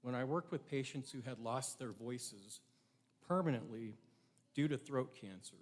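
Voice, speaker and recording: Middle-aged guy giving a ceremony speech, earnest and thoughtful, mid-pitched voice. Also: measured pace. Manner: earnest, reflective, asks rhetorical questions. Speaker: ceremony speaker.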